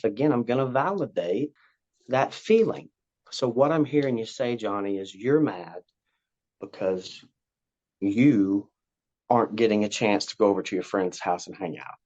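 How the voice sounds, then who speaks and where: Fairly low and darkish, this man's voice comes through a slightly dull lo-fi recording. As a guest, he loosely describes a parenting method, circling back over his points and voicing both the parent and the child.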